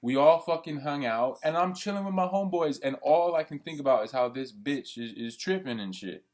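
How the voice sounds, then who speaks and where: A man's voice: on the high side, lively intonation, brisk, darkish tone. A young man ranting in a heated, profane, rambling monologue. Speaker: vlogger. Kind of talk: venting monologue.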